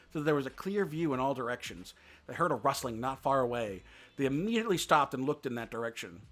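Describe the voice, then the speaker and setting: A man's voice: medium pitch, fairly bright tone. A man reading a classic children's story aloud on a live stream, narrating expressively. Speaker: VTuber reader.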